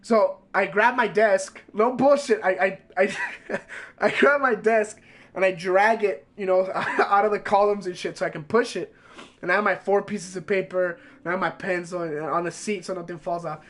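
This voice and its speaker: A streamer with a high male voice tells a story loosely, swearing constantly. His delivery is animated and rambling, packed with fillers. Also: normal speed. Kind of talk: casual storytelling.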